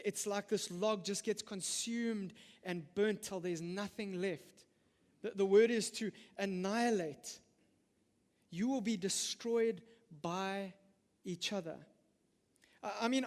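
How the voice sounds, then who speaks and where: A middle-aged man preaching a sermon, emphatic, with frequent stammered restarts. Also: sits high. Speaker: pastor. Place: church hall. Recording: long reverb of a church hall.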